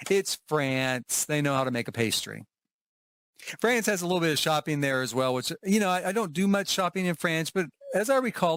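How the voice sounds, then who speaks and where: Chatty man, higher voice. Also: a bit bright, no echo. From Oklahoma, USA. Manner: chatty and rambling, with frequent asides, restarts and laughs. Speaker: travel vlogger. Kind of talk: casual talking-to-camera travel review.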